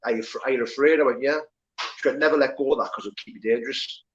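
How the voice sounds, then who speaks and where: A man's voice: medium pitch, quick pace, dull audio. A man, candidly telling his life story as an interview guest, swearing and rambling with many fillers. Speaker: guest, former prisoner turned pro fighter.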